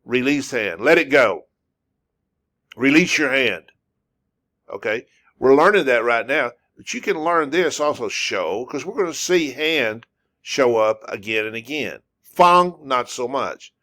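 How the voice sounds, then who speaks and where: A man's voice: medium pitch, lively intonation, unhurried, bright, forceful tone. A man teaching a language lesson, patiently repeating words and sounds over and over. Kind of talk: slow, repetitive language lesson.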